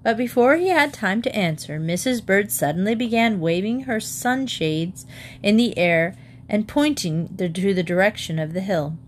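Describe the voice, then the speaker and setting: Woman narrator, storybook read-aloud, middle pitch, measured, faint hum. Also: lively intonation.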